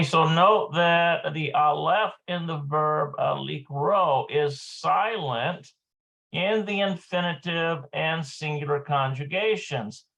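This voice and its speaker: A man teaching a live online language lesson, slow and halting, with many filler sounds. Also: fairly high pitch, creaky, pushed and bright. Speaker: Hebrew teacher.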